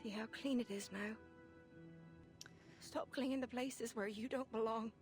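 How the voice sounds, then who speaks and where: An actress voicing a bitter, self-loathing young woman athlete in a video game, berating herself in a harsh, hushed inner voice over faint music. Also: on the high side, fairly even intonation, measured pace. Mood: hollow.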